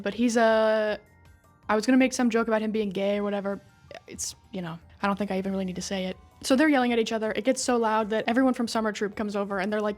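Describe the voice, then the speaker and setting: A woman's voice: mid-range voice, fairly even intonation, fast talker, soft background music. A woman retelling a story in a casual, chatty recap, swearing freely and filling her talk with "like" and "right?". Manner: chatty and profane, full of "like" and "right?". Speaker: video creator recapping a game story.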